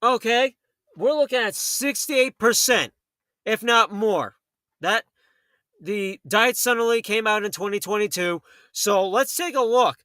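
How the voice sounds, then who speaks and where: Male talk radio host, very high and bright voice, heated storyteller who acts out quotes. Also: unhurried, no echo, clean studio sound. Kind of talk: late-night talk radio monologue.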